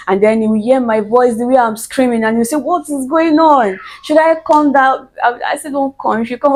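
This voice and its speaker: Young woman vlogger, lively storyteller who acts out every quote. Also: mid-range voice. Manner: animated, laughs often, acts out quotes. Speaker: vlogger telling her birth story. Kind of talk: casual storytelling to camera.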